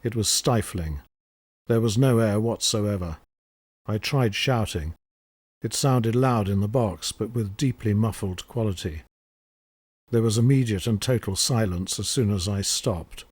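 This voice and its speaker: A man narrating a horror story in a measured, grave manner. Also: fairly low pitch, a little mellow, breathy edge, dry recording. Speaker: audiobook narrator. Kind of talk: scripted narration.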